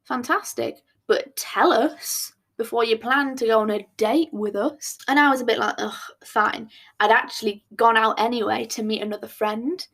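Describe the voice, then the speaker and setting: Gravelly young woman telling a story. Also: a little high, moderate pace, few pauses. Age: young adult. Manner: animated, blunt, swears, acts out dialogue. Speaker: podcast host. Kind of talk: storytime recounting a date.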